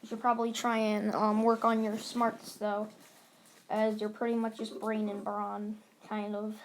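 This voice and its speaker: A woman voicing an encouraging older male mentor hero, speaking slowly and plainly in her own voice. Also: mid-range voice, completely flat delivery, a little hiss or hum, close to an everyday voice.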